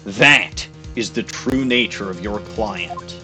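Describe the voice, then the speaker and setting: A man doing a slow, cold hitman. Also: lowish voice, music in the background. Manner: slow, deliberate, formal delivery. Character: calm, measured male professional assassin.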